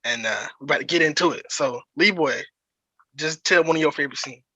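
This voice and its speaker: A man's voice: fairly high pitch, a little fast, bright, forceful tone, husky, dull audio. A man hosting a podcast, chatting casually and in a laid-back way about a movie. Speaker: podcast host.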